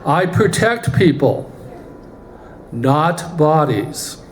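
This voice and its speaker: A man voicing a patient, wise male guardian angel who explains things gently. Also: high voice, very animated, normal speed, slight background noise. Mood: explaining. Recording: roomy church hall, faint ambience.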